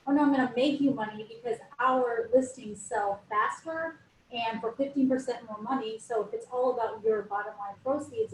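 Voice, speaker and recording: Upbeat woman agent, a bit high, distant echoey mic, faint hiss. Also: darkish tone. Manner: brisk, upbeat, lots of "like". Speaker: real estate agent. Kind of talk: casual panel chat explaining her sales pitch.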